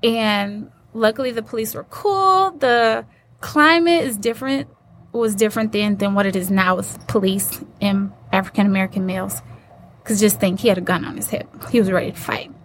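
A woman's voice: mid-range voice, normal speed, fairly bright tone. A woman guest telling a personal story in an interview, earnest and acting out the voices she quotes. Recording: faint background noise.

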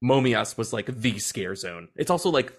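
A man co-hosting a podcast in casual chat, excited and profane, often laughing as he tells stories. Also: mid-range voice, moderate pace. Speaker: podcast co-host.

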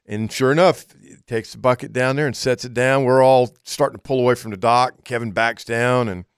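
A man's voice: medium pitch, brisk, clean tone, no room sound. Easygoing man co-host, dry studio. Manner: easygoing storyteller. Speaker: radio show co-host. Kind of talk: casual radio chat. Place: radio studio.

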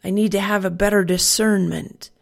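This woman gives an earnest Christian devotional talk in a voice with a steady edge of vocal fry. Her pitch sits in a middle range for a woman, and she drives her points home by repeating a phrase again and again. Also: moderate pace. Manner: earnest, builds points by repetition. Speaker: parent giving a devotional talk.

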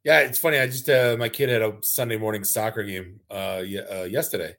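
A man's voice: on the low side, steady tone, brisk, a bit bright. A man interviewing a guest in casual conversation, cracking jokes and cutting in with questions.

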